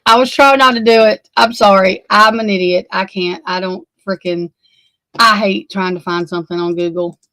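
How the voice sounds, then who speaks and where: A woman's voice: medium pitch, steady tone, normal speed, pushed and bright, no room sound, low-quality recording. Female streamer, rambling, cusses, dry close mic. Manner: flustered, rambling, swears freely. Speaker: livestream host. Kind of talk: casual livestream chat.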